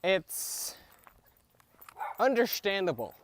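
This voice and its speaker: Halting, slow-talking young man. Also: sits high, sing-song, a little hiss or hum. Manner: halting, many fillers and restarts, opinionated. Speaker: podcast host reviewing TV episodes. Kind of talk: casual rambling recap.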